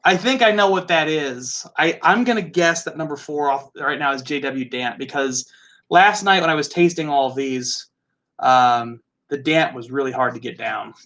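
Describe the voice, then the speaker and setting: Hosting a casual live tasting, a chatty man with a Midwestern American accent muses aloud in a loose, easygoing manner at a moderate pace, laughing easily. His voice sits high for a man, with a bright, forward edge.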